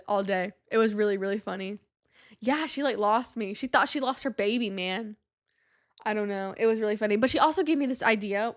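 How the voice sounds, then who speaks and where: A young woman hosting a casual solo podcast, bubbly and giggly, jumping from topic to topic with big swings in pitch. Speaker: podcast host. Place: home room.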